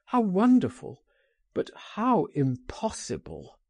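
A man's voice: high-pitched, huge pitch swings, slow pace, a little mellow, slightly rough, no echo, pitched above the performer's own voice, full character voice. A man voicing a frightened, despairing man who groans and pleads as if trapped. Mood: anguished. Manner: anguished, groaning.

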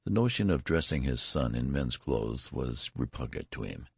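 A man narrating a story in an expressive, dramatic reading style. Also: extremely low pitch, normal speed, gravelly, breathy edge, dry recording, studio quality.

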